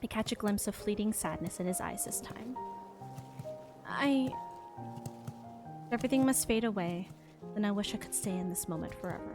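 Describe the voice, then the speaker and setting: A young woman streamer reading a game's story and dialogue aloud, soft and expressive. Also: mid-range voice, fast. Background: game music.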